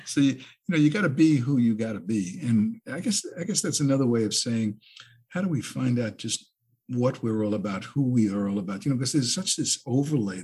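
A man's voice: fairly low pitch, a little mellow, husky. A man co-hosting a podcast in a thoughtful, reflective conversation, now and then playful and joking. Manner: thoughtful, playful, makes animal noises. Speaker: podcast co-host.

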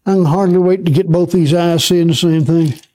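A man preaching a sermon to a congregation, reading scripture slowly and having the listeners repeat verses back to him. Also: on the high side, fairly even intonation, warm tone.

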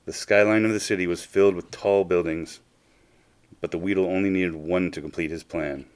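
A man reading a children's storybook aloud, unhurried and expressive, stretching out his phrases. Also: sits low, smooth.

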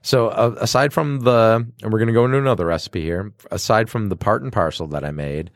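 A man's voice: on the low side, fairly quick, no room sound, clean studio sound. A man, a bartender co-hosting a casual podcast, chatting about cocktails and acting out customers as he tells stories. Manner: animated storyteller who acts out customers in quoted voices.

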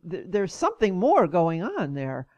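A woman hosting an interview, measured and encouraging, answering her guest with short affirmations and reflections. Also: fairly low pitch, huge pitch swings, darkish tone, dry recording, highs cut off. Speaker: interview host. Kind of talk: casual interview.

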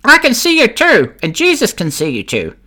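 Shrill preachy cockatoo. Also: male voice, wildly swooping pitch, moderate pace, bright, forceful tone, heavily acted. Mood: smug. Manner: shrill squawking warning. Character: preachy pet cockatoo in a cage.

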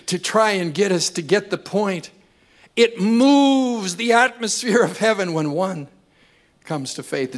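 An older man preaching a sermon, telling funny family stories and building to loud, impassioned appeals. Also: a little high. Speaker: pastor. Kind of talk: sermon with humorous storytelling.

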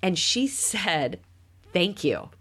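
A middle-aged woman with a low, grounded voice talks casually as a podcast co-host. She tells stories warmly and brightens into animated quoted voices along the way. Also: extremely slow, husky. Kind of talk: casual conversation about parenting.

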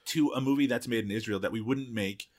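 A man co-hosting a film podcast, relaxed and laughing easily, hedging with filler phrases. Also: medium pitch, a little fast. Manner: relaxed, laughs easily, hedges with "you know". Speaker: podcast co-host. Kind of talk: casual film review chat.

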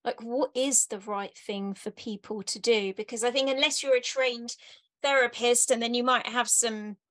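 A woman's voice: a little high, steady tone, normal speed, fairly bright tone. A woman hosting an interview, attentive and affirming, asking thoughtful questions. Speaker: podcast host.

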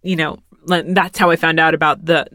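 A woman in her thirties tells a casual story in a rambling, wry way, with a few easy swears. Her voice sits a bit low. The recording is close and dry, with no room sound. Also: fairly even intonation, moderate pace, bright, forceful tone, no room sound. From Texas. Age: 30s.

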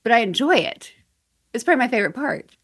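A woman talking casually on a podcast about a film, animated and laughing as she acts out scenes. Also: fairly high pitch, fast talker, slightly rough. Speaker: podcast guest.

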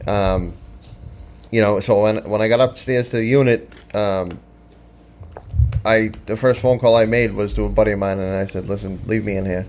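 A man in his thirties from Boston speaks with a low voice and a Boston accent. He tells his story in a halting, plain way and often repeats his words. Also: fairly even intonation, darkish tone, a little hiss or hum. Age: 30s. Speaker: podcast guest in recovery. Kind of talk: casual storytelling.

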